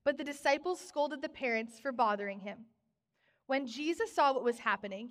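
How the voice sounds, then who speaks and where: Young woman preacher with a bright high voice, bubbly storyteller, long church reverb. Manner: bubbly storytelling, animated exclamations. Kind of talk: sermon. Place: church sanctuary.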